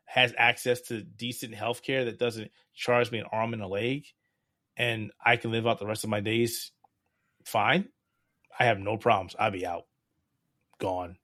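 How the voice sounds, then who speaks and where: A man talking casually as a podcast guest, who gets frustrated and loud about politics. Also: lowish voice, steady tone, a little slow, long pauses, no room sound, studio quality.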